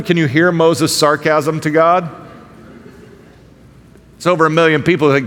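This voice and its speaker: Man preaching a lively conversational sermon. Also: moderate pace, pauses often. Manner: conversational, often asks the congregation "right?"; acts out quoted voices with sarcastic rises in pitch. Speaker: pastor. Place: church sanctuary. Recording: hall reverb.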